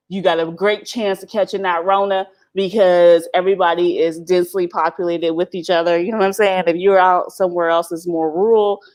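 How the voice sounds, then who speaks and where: A middle-aged woman hosting a casual live stream, blunt and animated, laughing often as she chats. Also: on the low side.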